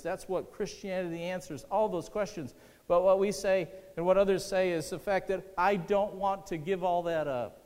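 A man's voice: sits high, fairly even intonation, normal speed, darkish tone, clean tone. A man preaching a sermon to his congregation in a church, conversational and often asking the room questions. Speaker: pastor. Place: church sanctuary. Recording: long hall reverb.

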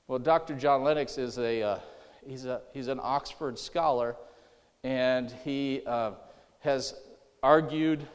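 A man preaching a sermon, telling a story with many restarts and repeated words, his loudness rising and falling. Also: a little high. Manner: storytelling, repeats himself, rises and falls in loudness. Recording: long hall reverb.

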